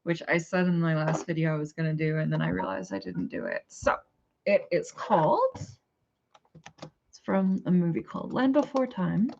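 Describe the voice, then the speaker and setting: A woman talks casually and hesitantly to her viewers. Her voice has a gravelly fry and the sound is dull and lo-fi, with keyboard typing behind her. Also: lowish voice, normal speed, darkish tone, slight background noise. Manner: chatty, rambling, hesitant.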